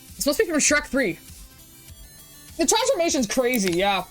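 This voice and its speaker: A woman's voice: high-pitched, huge pitch swings, moderate pace, long pauses, a bit bright, soft background music. An English woman streaming a game, bubbly and jokey, exclaiming often as she plays. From England. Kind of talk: casual gaming stream commentary.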